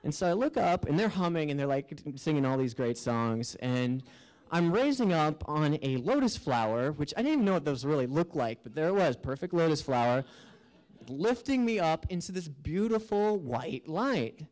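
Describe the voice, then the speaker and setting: Male monologist, lively swinging pitch, slightly high voice, earnest and wondering delivery. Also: normal speed, low-quality recording. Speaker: spoken-word performer. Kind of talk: first-person storytelling monologue.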